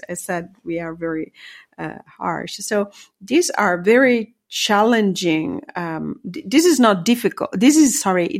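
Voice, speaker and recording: A woman leadership coach, a guest on an interview, explaining ideas thoughtfully with hesitations and self-corrections. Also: fairly low pitch. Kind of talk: conversational interview.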